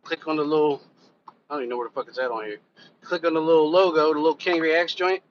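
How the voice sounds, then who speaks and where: A reaction channel host and rapper, this man speaks a little high with fairly even intonation and a quick pace. He rambles through a casual live stream, talking directly to viewers and cursing offhand. Dull lo-fi audio carries faint background noise.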